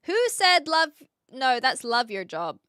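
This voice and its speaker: In a high, very animated voice that is bright and forceful, a young woman talks casually with viewers on her live stream at a measured pace. Her chat is scattered, with plenty of fillers and restarts. The sound is clean studio audio with no room sound.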